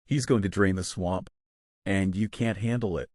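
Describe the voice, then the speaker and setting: An entitled woman in her fifties who shrieks accusations and cries conspiracy, as a man reading the story puts her on. The voice sits low and dry, with no room sound, and the indignation comes through in the scripted delivery. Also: moderate pace, darkish tone, no room sound, lightly acted. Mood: accusing. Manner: indignant, accusing, paranoid ranting.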